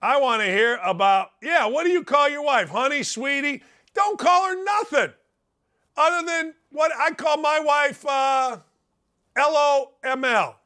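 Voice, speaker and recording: A middle-aged man with a very high voice, speaking a little slowly, hosts sports radio. His monologue is animated, brash, and folksy, and he pokes fun at his listeners.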